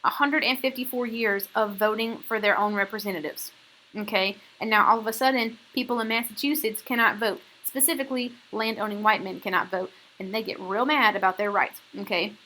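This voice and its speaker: A woman's voice: mid-range voice, fairly even intonation, brisk, sharp tone, low-quality recording. A woman teaching a history lesson in a casual, slangy way, often checking in with "okay?". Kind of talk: recorded classroom lecture.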